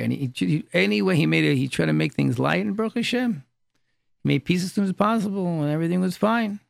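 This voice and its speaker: A rabbi giving an informal class, telling stories and repeating key phrases for emphasis. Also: male voice, fairly high pitch, fast talker, creaky, dry recording, clean studio sound.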